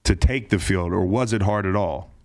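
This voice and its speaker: Lower-voiced male host, earnest and talkative. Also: moderate pace, a little mellow. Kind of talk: interview conversation.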